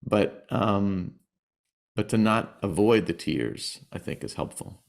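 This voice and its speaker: Man, middle-aged, podcast guest, low pitch, conversational, halting with restarts, soft laughs. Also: creaky. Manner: halting, frequent restarts, laughs between words. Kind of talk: conversational interview.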